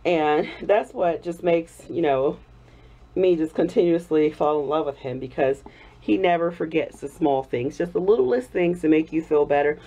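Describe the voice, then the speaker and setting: Still on the mend from an illness, a soap-making vlogger in her thirties tells a chatty, laugh-filled story for her casual home vlog. Her voice is low and mellow, with a moderate pace.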